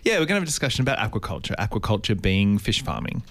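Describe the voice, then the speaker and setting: An Australian man co-hosting a radio show in a studio, talking through an issue at length. His voice sits low but swings widely in pitch. He restarts sentences as he thinks aloud. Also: very animated, rapid-fire. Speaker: radio co-host. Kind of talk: explanatory radio talk.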